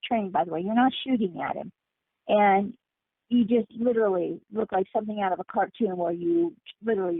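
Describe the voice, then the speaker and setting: Woman guest, emphatic storyteller, raspy voice on a tinny phone line. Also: medium pitch, no echo. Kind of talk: casual phone interview.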